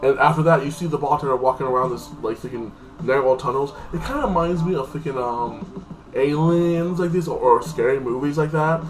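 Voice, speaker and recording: Poor audio and a mic placed far away capture a man with a mid-range voice speaking briskly. As a TV episode reviewer, he recaps the show in a loose, rambling way, constantly saying "like this" and "like that" and dropping casual swears.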